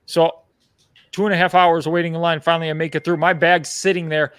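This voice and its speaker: A man tells a travel story with lively energy, casually co-hosting a livestream. His voice is a bit high and the recording sounds dry and close. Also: brisk, smooth, no room sound. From United States. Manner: animated storyteller acting out voices. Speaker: livestream co-host. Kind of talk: casual chat.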